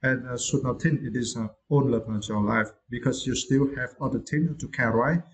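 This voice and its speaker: A man with a Vietnamese accent and a gravelly edge to his mid-pitched voice explains English words. He speaks haltingly, filling gaps with "uh" and checking in with "right?" as he goes. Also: poor audio. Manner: hesitant, many "uh" pauses and "right?" checks; non-native English speaker. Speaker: English teacher. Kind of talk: casual vocabulary lesson.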